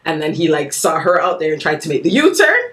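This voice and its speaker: A woman in her thirties, a podcast guest in casual chat, earnest and animated, laughing easily. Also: low voice, fast talker. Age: 30s.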